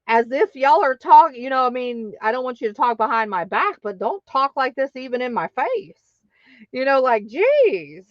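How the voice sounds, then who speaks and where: Animated woman telling a story. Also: on the high side, unhurried, dry recording, lo-fi sound. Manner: animated, acts out others' lines in exaggerated voices. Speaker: craft channel host. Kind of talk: casual storytelling.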